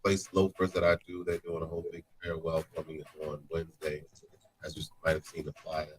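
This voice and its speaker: A man co-hosting a casual chat show, animated, often repeating words and laughing. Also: rumbling low, fairly quick. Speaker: co-host.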